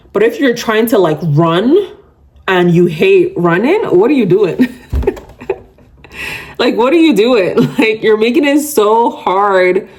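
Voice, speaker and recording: Woman, podcast host, casual solo talk, chatty, lower-pitched voice. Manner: chatty, animated, laughs often, self-described yapper.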